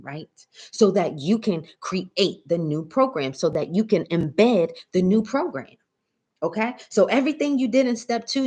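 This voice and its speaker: A woman's voice: mid-range voice, breathy edge. Coaxing woman teaching a mindset lesson. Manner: checks in often with "right?" and "okay?"; coaxing, calls listeners "baby". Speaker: mindset coach. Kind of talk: motivational teaching talk.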